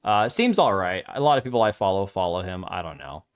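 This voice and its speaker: A man's voice: sits low, sing-song, fairly quick, smooth. Blunt rambling male streamer. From Washington state. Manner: rambling, blunt, swears casually. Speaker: livestream host. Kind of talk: casual livestream chat reading chat.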